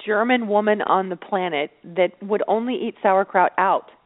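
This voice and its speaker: A bubbly woman co-host asks the guest questions with eager enthusiasm, giggling often between her remarks. She is heard over a thin, phone-like connection. Her voice sits at a middling pitch. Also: moderate pace. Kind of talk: casual podcast interview. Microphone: remote call. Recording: tinny phone-line audio.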